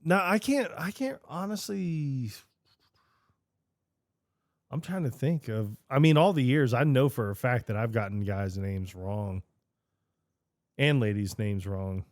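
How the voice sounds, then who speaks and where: A man co-hosting a podcast, laid-back and laughing as he tells stories in casual chat. His voice sits at a middle pitch and sounds dry and close. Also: a little slow, long pauses, a little mellow, dry recording. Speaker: podcast co-host.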